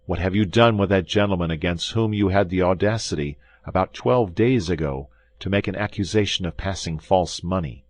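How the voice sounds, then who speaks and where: A man's voice: deep voice, moderate pace, hardly any pauses, darkish tone, no echo. A man voicing an angry young swordsman who speaks in a stern, commanding, threatening way.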